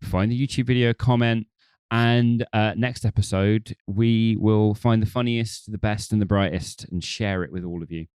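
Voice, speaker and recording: A man's voice: lowish voice, fairly even intonation, normal speed, darkish tone, clear, resonant tone, no echo, studio quality. A man co-hosting a film podcast, chatting casually and joking, with rambling restarts. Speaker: podcast co-host. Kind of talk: casual chat.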